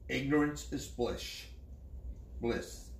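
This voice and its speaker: A man's voice: mid-range voice, slow, creaky. Earnest man in an echoey room. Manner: earnest, insistent, short remarks. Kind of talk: casual chat. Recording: roomy echo.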